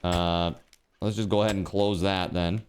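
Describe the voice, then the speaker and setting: A man livestreaming and reading out donations in casual chat. He swears, says dude a lot, and bursts into laughter and shouting. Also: low voice, level tone, moderate pace, a little hiss or hum. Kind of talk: live stream donation reading.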